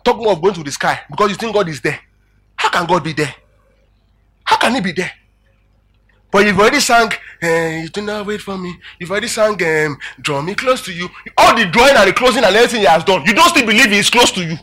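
A man preaching a sermon, animated and emphatic, calling out questions to his congregation. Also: high voice, quick pace, husky. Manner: emphatic, animated preaching with rising and falling volume.

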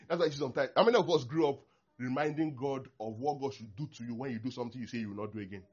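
A man, a pastor preaching a sermon in an animated way, acting out prayers and laughing often. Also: mid-range voice, rapid-fire, slightly rough. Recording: dull lo-fi recording.

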